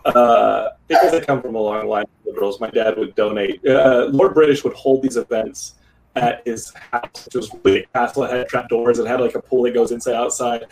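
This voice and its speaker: A man from Texas hosting a podcast, chatting casually with a guest in an excitable, joking way full of "like" and "dude". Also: medium pitch, fairly quick, creaky, slight background noise, poor audio. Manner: excitable, joking, loose filler-heavy talk. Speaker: podcast host. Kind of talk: casual interview chat.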